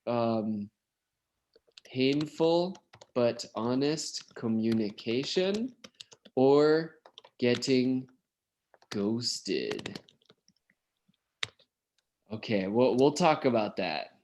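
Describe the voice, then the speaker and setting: Slow-speaking male English teacher. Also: medium pitch, animated, darkish tone, a little hiss or hum. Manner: slow, encouraging, asks students questions. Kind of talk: online class teaching.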